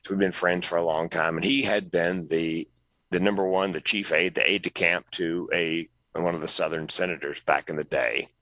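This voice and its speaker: A middle-aged man, a comedian, telling an animated story as a podcast guest, jumping up in pitch when he quotes people. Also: moderate pace, dry recording, rough recording. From North Carolina, US. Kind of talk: storytelling interview.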